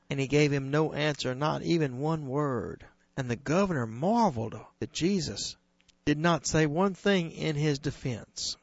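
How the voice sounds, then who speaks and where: An earnest man preaching, stressing key phrases and drawing them out slowly. His voice sits a little high. The recording is dry and close, with a dull, lo-fi tone. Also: no room sound. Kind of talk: sermon retelling scripture.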